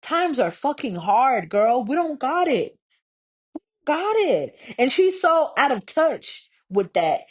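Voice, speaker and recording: A woman's voice: high voice, very animated, takes it slowly. A young woman from Texas hosting a casual solo podcast, swearing freely and ranting with heated sarcasm. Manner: profane, heated and sarcastic, mocking others in put-on voices. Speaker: podcast host.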